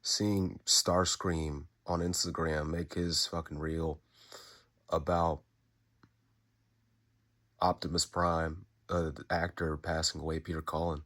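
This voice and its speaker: A man speaking an unscripted, emotional message while fighting back tears, halting and repeating his words and swearing casually. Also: very deep voice, level tone, a bit bright. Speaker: fan recording a tribute message.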